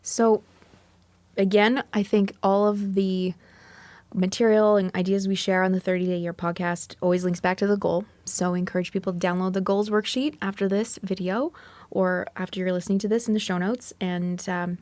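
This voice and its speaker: A woman co-hosts a podcast at an ordinary mid pitch. She chats casually, agreeing often and offering reflective encouragement. Her voice sounds dry and close to the mic. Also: level tone, moderate pace, a little mellow, no echo. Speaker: podcast co-host. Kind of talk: casual chat.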